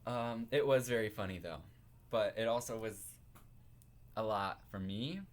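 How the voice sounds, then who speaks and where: Young man, low-pitched voice, casual vlog storytime, dramatic, laughs a lot, filler-heavy. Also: a little slow. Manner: animated, laughing, self-consciously dramatic. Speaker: vlogger.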